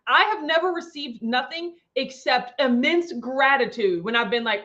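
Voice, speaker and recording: A woman hosting a livestream, chatting in an animated way and reading out viewer comments. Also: high-pitched, moderate pace, hardly any pauses. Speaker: livestream host. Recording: dull lo-fi stream audio.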